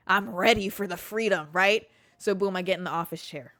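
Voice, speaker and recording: Podcast host, woman: bright, punchy voice, dry close sound, animated swearing storyteller. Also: mid-range voice, no room sound. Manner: animated, swearing, dramatic pauses. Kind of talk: casual storytelling.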